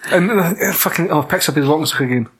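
A man's voice: fairly high pitch, fast talker, a bit bright, breathy edge. A man with a Scottish accent in casual film chat, blunt, mocking and sweary.

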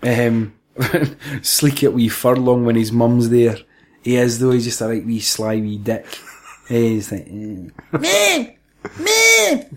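A man's voice: medium pitch, fairly even intonation, slow pace, a little mellow. A Scottish man co-hosting a casual film review chat, sweary and laughing, acting out silly voices. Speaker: podcast co-host.

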